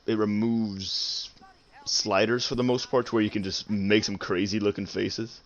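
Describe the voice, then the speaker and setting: Nineteen-year-old streamer, low-ish voice. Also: male voice, level tone, dull audio. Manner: easygoing, halting with fillers. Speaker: streamer host. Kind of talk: casual live-stream chat.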